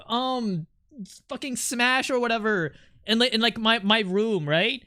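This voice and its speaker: Bright, dry-voiced joking streamer. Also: medium pitch, unhurried, no echo. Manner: rambling and joking, swears a lot, laughs often. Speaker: art streamer chatting with viewers. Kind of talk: casual live-stream chat.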